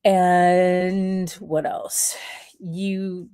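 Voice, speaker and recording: A woman hosts a casual livestream talk with a fairly low-pitched voice. She speaks bluntly, laughs easily and acts out the people she quotes. The sound is dry and close. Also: little pitch movement, extremely slow, warm tone, smooth, dry recording. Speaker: podcast host.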